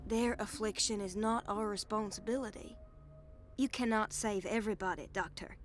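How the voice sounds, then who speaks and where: A woman's voice: medium pitch, moderate pace, faint music behind, lightly acted. An actress voicing a curt, matter-of-fact woman nurse in a video game. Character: brisk rule-bound woman asylum nurse.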